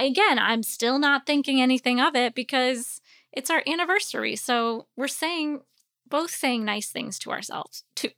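A woman's voice: on the high side, pushed and bright, clear, resonant tone, dry recording, studio quality. A woman in her forties, a podcast host, telling a personal story in a candid, rambling way, a little sleepy and yawning. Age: 40s. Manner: candid, rambling, with many fillers.

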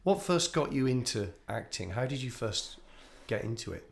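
A man's voice: medium pitch, big pitch swings, normal speed, gravelly. A man, hosting a casual podcast chat from an empty shop, jokey and rambling. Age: 40s. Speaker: podcast host.

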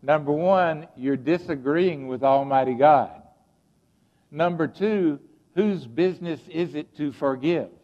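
A man's voice: on the high side, measured pace, warm tone. An older man, a pastor, preaching an earnest, personal sermon to his congregation in a church sanctuary. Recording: dull, long-reverb church recording.

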